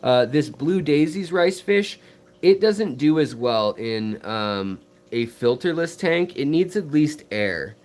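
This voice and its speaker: A man's voice: on the high side, expressive, slow pace, darkish tone. An American man hosting a fishkeeping live stream, rambling casually with lots of ums and restarts while he answers viewer messages beside his aquarium tanks. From United States.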